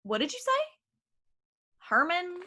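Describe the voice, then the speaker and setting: An actress playing a boisterous, drunk Southern woman from Georgia, loud and teasing, in a staged reading over a video call. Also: very high voice, wildly swooping pitch, extremely slow, full character voice. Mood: tipsy, combative.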